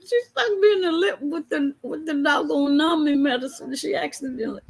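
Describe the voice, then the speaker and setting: A woman's voice: high-pitched, moderate pace, vocal fry, darkish tone, rough recording. A woman police officer telling a casual story to camera, chatty and laughing often as she goes.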